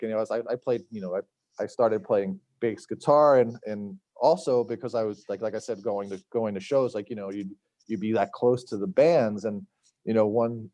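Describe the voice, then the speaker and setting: A middle-aged chef from Long Island, New York, appears as a podcast guest in a casual storytelling interview. His voice is fairly low and a little mellow, recorded without echo, and he rambles with plenty of fillers and acted-out quotes.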